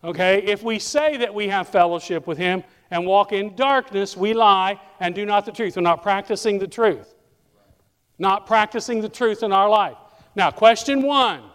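A male pastor preaching a sermon in a church, animated and speaking directly to members of the congregation by name. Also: high voice, moderate pace, clear, resonant tone, big-room sound.

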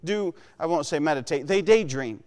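A man's voice: a little high, lively intonation, normal speed, a little mellow, clean tone. A man preaching a sermon in an earnest way, often acting out the voices he quotes. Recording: long hall reverb.

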